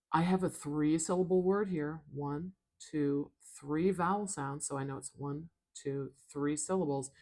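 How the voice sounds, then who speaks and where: A woman with a North American accent teaching pronunciation, patiently sounding out each syllable in a soft-spoken lesson. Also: sits low. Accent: North American English.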